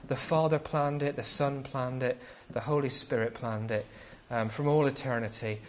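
A man's voice: mid-range voice, fairly even intonation, normal speed. A man preaching a sermon as a pastor, speaking conversationally and often asking rhetorical questions.

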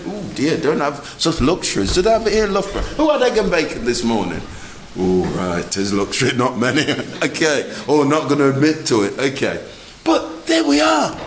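A man preaching a lively sermon, asking the congregation questions and joking with them. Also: high voice, reverberant, a little hiss or hum, rough recording. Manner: animated, asks the congregation questions, jokes. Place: church.

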